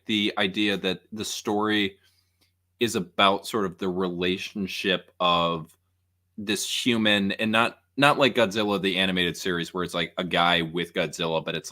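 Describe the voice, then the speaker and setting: Man, low voice, bright edge, chatty rambling co-host. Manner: rambling, questioning. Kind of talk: casual chat.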